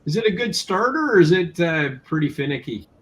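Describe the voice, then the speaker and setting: An enthusiastic man hosts a casual online chat and keeps cheering on his guest. His voice is a touch high. Steady background noise sits clearly under him. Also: a little fast, poor audio. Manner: enthusiastic, full of praise. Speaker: show host. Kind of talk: casual chat, reading live comments.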